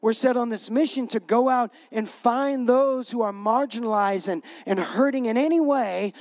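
A middle-aged pastor delivers a conversational, emphatic sermon full of repeated punch lines. His voice is very high-pitched and moves at a moderate pace, and he gets choked up, laughing through the emotion.

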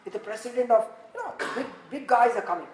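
A woman preaching a sermon from scripture, animated, repeating phrases and asking rhetorical questions, swinging from emphatic peaks down to hushed low passages. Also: quick pace. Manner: animated, rising to emphatic peaks, then dropping very low and quiet. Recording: echoey room with faint background noise.

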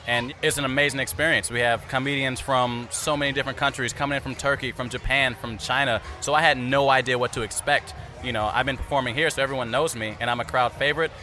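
Man from California, comedian, confident interview, quick. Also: medium pitch, steady tone, bright, forceful tone, faint music behind. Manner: upbeat, confident.

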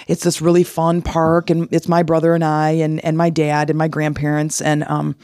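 A podcast host telling a personal story in an animated way, acting out the voices of people in it. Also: medium pitch, normal speed, dry recording, studio quality. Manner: animated, acts out quoted voices.

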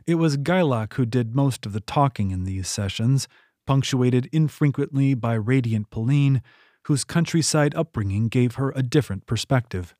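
A man reading a fantasy novel aloud in a steady storytelling manner. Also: normal speed, no echo, clean studio sound. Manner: steady storytelling read, lifting pitch for quoted characters. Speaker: audiobook narrator. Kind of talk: scripted narration.

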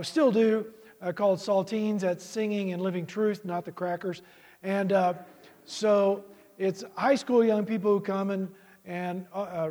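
A man's voice: high voice, a little mellow, in a large hall. A man who is a guest preacher and college vice president, giving a rambling, self-deprecating sermon in a church with jokes and many restarts.

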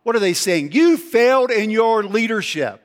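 A man's voice: high voice, animated, moderate pace, big-room sound. A man preaching a conversational sermon, walking through scripture and mimicking the voices in it. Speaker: pastor.

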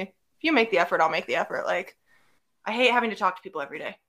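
Young woman co-host just chatting, bright forceful voice, tells stories by doing everybody's lines. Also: mid-range voice, fast talker. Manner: animated storytelling, acting out quotes. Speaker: podcast co-host. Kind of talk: casual chat.

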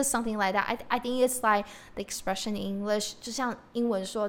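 A woman's voice: medium pitch, fairly even intonation. A woman with a Mandarin Chinese accent and Mandarin as her first language, teaching a podcast language lesson, saying phrases and explaining them patiently. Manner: explains slowly, repeating Chinese phrases and glossing them in English. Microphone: podcast microphone.

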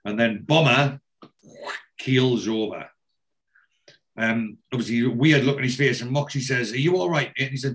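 Guy on a podcast recapping an episode, mid-pitched voice, keeps going "he says, he says". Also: normal speed, pauses often, fairly bright tone. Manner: retells scenes line by line, quoting dialogue with many "he says". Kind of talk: casual chat recapping a TV episode.

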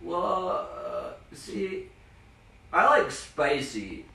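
A man's voice: fairly high pitch, wildly swooping pitch, very slow, vocal fry, bright, forceful tone, roomy sound, distant mic, poor audio. A man co-hosting a casual podcast, rambling and swearing as he chats and laughs easily. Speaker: podcast co-host. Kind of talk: casual drunk podcast chat.

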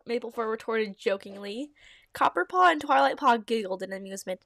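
A high-voiced woman reads her old fanfiction aloud, then breaks off to laugh and comment, with plenty of likes and ums. The recording is dry and close, with no room sound. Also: expressive, fairly quick, vocal fry, fairly bright tone, dry recording. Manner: giggly, many likes and ums. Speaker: fanfiction reader and podcaster.

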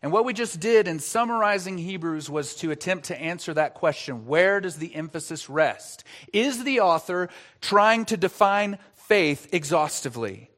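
A man's voice: high-pitched, animated, moderate pace, hardly any pauses, a bit bright. A man preaching an expository sermon as pastor, earnest, asking rhetorical questions and stressing key words.

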